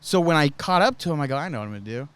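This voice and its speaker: A man co-hosting a podcast, telling a story in candid, relaxed casual chat. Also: on the high side, very fast, smooth, no echo. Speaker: podcast co-host.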